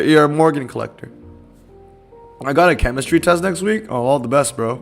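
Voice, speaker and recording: A young man live-streaming a racing game, chatting casually and answering his chat in a rambling, laid-back way. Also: a little high.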